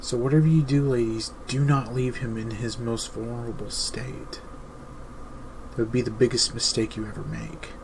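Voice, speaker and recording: A man hosting his own show, giving earnest, emphatic advice in a deliberate monologue. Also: mid-range voice, fairly even intonation, noisy background. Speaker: host.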